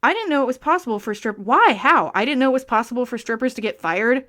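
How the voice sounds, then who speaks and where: A woman's voice: on the high side, animated, fast, fairly bright tone. A young woman reading a book aloud and breaking in with sarcastic, exasperated comments. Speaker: book reviewer.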